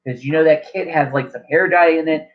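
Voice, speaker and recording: A man's voice: a little high, fairly even intonation, brisk. A man narrating as game master at a tabletop game, rambling and correcting himself as he goes, in a lo-fi recording.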